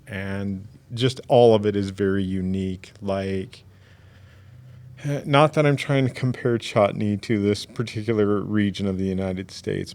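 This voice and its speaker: A man's voice: on the low side, a little mellow. A man co-hosting a podcast in casual chat, joking, teasing and going off on tangents. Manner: jokey, teasing, digressive explainer. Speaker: podcast co-host.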